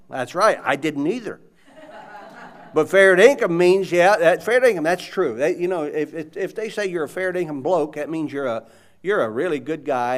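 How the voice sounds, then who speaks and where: A man preaching a sermon in an animated, conversational way, asking the audience questions. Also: a little high.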